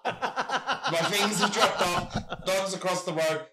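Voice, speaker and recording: A middle-aged man chats as a guest over a video call, an animated storyteller who swears freely. His voice is bright and forceful, set a little high, and the room around him rings with echo. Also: takes it slowly. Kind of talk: casual chat.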